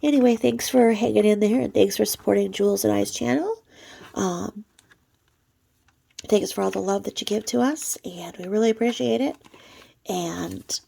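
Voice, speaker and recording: Speaking at a moderate pace and medium pitch, this woman has a creaky, mellow voice with a slight roughness. As host of her own channel, she rambles chattily to the camera in casual vlog commentary, every so often falling to a whisper.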